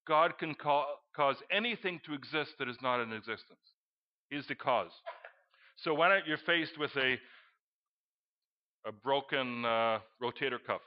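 A middle-aged man preaching a sermon, telling a story and breaking into loud exclamations. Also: medium pitch. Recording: dull lo-fi recording.

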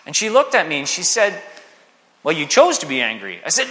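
A man preaching a sermon, animated and acting out the voices he quotes. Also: sits high, brisk. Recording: long hall reverb.

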